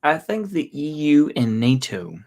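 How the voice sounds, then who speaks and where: This thirtysomething Texan rambles to his livestream chat in a casual, stop-and-start way, restarting many times. His voice runs a little high and a little mellow, with big swings in pitch, and his accent marks him as from Texas.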